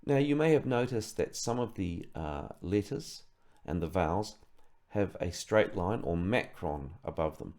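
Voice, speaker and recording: A man from New Zealand giving a slow instructional lesson, carefully breaking words into syllables. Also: low voice, expressive, a little mellow. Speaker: sonographer teaching Maori words.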